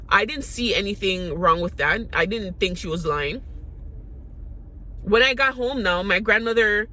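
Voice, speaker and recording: Caribbean-raised woman vlogging her story, bright voice, rambles and restarts a lot. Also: medium pitch. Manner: candid, rambling, frequent restarts. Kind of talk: personal storytelling to camera.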